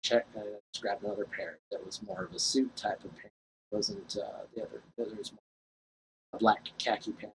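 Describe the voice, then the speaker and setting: A man's voice: fairly low pitch, level tone, fairly quick, vocal fry, background noise. A man vlogging to his camera at home, telling a story casually in a rambling, profane way and laughing at himself.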